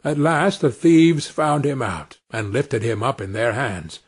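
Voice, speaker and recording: A man narrating a fairy tale for English learners in a slow, expressive storybook reading. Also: medium pitch, husky.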